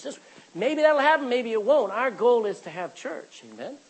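A man's voice: very high voice, expressive, moderate pace, rough recording. A man preaching a sermon as pastor, reading scripture aloud and calling out for amens from the congregation.

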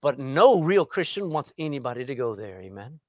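Male preacher, lively pitch, rhetorical, dry close recording. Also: moderate pace, dry recording. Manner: animated, rhetorical questions, swings between loud and soft. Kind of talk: sermon.

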